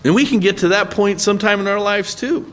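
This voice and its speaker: A man's voice: sits high, brisk, long reverb tail. A man preaching a sermon in a conversational way, often checking in with his listeners. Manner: conversational, asks listeners "right?". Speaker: pastor.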